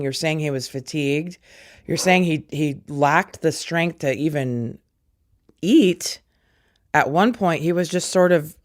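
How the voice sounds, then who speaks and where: A woman in her forties intensely retelling a family story, with halting restarts and acted-out quoted dialogue. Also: low voice, dry recording, studio quality. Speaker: interviewee. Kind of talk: personal storytelling.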